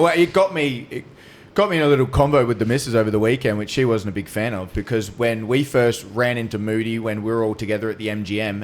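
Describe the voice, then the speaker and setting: A man's voice: on the low side, a little hiss or hum. A young man, chatting casually as a podcast guest and telling long, rambling stories with frequent laughter. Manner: rambling storyteller, laughing often. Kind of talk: casual chat.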